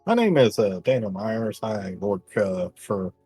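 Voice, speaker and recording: Husky, low-voiced male player. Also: big pitch swings, warm tone, soft background music. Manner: halting, polite, many fillers. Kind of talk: playing a character in a tabletop game.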